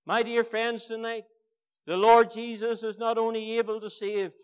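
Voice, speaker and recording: A man with a Northern Irish accent preaching a fervent evangelistic sermon in a church meeting, swinging between hushed pleas and loud emphatic cries. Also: very high voice, flat delivery, normal speed, clear, resonant tone.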